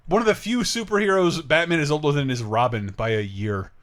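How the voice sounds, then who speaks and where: A man co-hosting a casual movie commentary, blunt and quick to swear. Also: on the high side. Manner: animated, profane, blunt. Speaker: podcast co-host.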